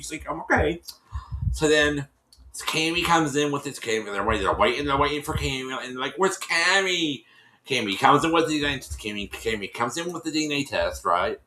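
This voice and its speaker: A man's voice: medium pitch, pushed and bright, echoey room, poor audio. A man hosting a casual recap of a reality show, rambling and repeating himself as he acts out what people said. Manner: rambling, repeats and restarts phrases; acts out quoted people in shifting voices.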